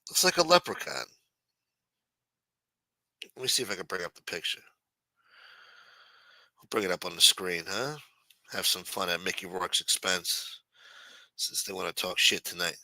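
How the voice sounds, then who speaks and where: A man's voice: low voice, expressive, moderate pace, long pauses, sharp tone, no echo, poor audio. A man hosting a livestream, with brash, profane, mocking news commentary. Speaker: livestream host. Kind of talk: casual news commentary on a stream. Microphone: streaming mic.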